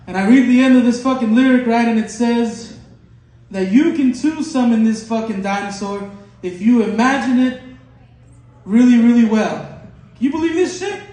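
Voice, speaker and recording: A man doing a stand-up bit, excitable and working himself into mock panic. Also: high-pitched. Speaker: stand-up comic. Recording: echoey room from a distance.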